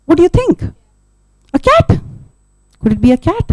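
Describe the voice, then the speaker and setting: A woman telling a story to children at a live event, animated, full of sound effects, who keeps asking her audience questions. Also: very high voice, rapid-fire, no room sound.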